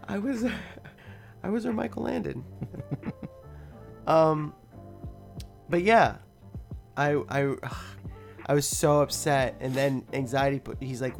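A woman's voice: low-pitched, slow pace, creaky, pauses often, soft background music. A young woman hosting a podcast, telling a story casually with lots of swearing and laughter. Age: young adult. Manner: animated, swears a lot, laughs often. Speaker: podcast host.

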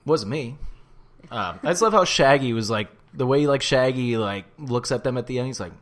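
A man's voice: mid-range voice, lively intonation, normal speed. A man co-hosting a casual podcast, from the St. Louis area, joking and swearing loosely about sports and ads. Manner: loose, profane, jokey banter. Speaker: podcast co-host.

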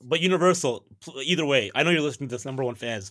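A young man hosts a podcast, talking eagerly and turning to address his listeners directly. His voice sits at an average pitch. The recording is dry and close. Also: expressive, very fast, hardly any pauses, fairly bright tone, no echo. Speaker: podcast host. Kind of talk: casual chat.

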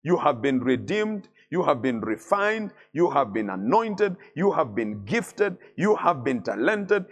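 A middle-aged man preaching a sermon as a bishop, building emphasis through repeated phrases and letting key words fall low and soft at the end.

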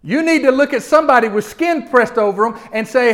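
A male pastor, preaching a folksy sermon that swings from loud to hushed and often repeats his opening words. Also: extremely high pitch, brisk. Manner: repeats words when starting sentences.

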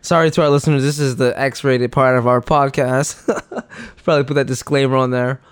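A man's voice: mid-range voice, fairly even intonation, a little fast, smooth. Laughing, foul-mouthed podcast guy. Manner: loose, profane, chuckles between phrases. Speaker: podcast co-host. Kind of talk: casual storytelling chat.

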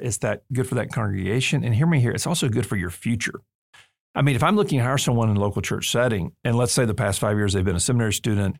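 A gravelly, medium-pitched man hosts a podcast from a studio with no echo in the sound. He leads a seminary as well, and his conversational discussion is earnest and emphatic, with flashes of humor.

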